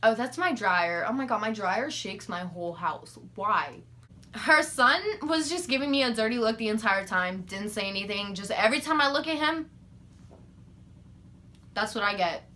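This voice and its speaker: A young woman vlogger telling a story in a casual, animated, profane and sarcastic way. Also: medium pitch, moderate pace.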